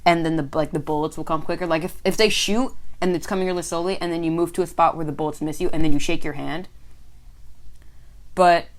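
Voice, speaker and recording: A woman co-hosting a casual podcast chat, rambling excitedly with lots of filler words and restarts. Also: low voice, brisk. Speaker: podcast co-host.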